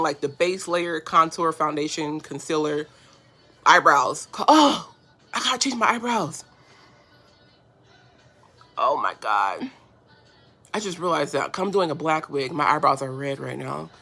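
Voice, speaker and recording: A woman's voice: sits low, bright, forceful tone, a little hiss or hum. Chatty woman live-streaming her makeup. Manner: chatty, reads comments aloud and answers them, easily touched. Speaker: beauty livestream host. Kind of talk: casual livestream chat while doing makeup. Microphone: phone front camera.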